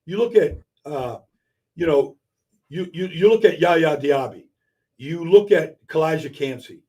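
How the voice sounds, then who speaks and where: Husky-voiced man talking football fast. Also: fairly high pitch, animated, darkish tone. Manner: rapid, emphatic, repeats words when building a point. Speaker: regular guest analyst. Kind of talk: casual sports talk.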